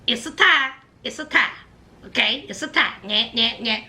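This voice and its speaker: A woman's voice: fairly high pitch, moderate pace, bright, forceful tone, pitched below the performer's own voice. Woman imitating a rattled man who stutters his way through a fight. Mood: placating. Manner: stammering, pleading. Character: flustered stuttering man in an argument.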